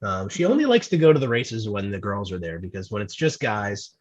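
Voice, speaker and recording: A man talks casually as a podcast guest, his voice husky and slightly rough. He rambles in a chatty way, repeating words as he tells his stories. The recording sounds dull and a little lo-fi. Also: fairly low pitch, sing-song, brisk.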